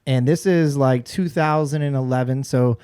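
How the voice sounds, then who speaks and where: A former radio personality in his forties, appearing as a podcast guest, tells a story casually and with animation, often restarting. His mid-range voice is smooth and moves at a normal speed.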